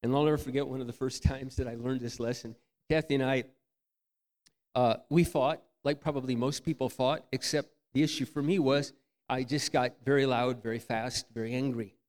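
A man preaching a candid, self-mocking storytelling sermon, swinging from loud outbursts to near-whispers. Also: medium pitch, fairly even intonation, normal speed. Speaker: pastor.

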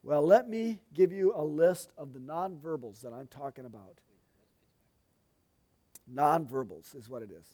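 Middle-aged male pastor, fairly high voice, homespun and talkative from the pulpit. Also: animated, measured pace, pauses often, mellow. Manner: folksy, chatty, asides to the congregation. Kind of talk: sermon-style teaching.

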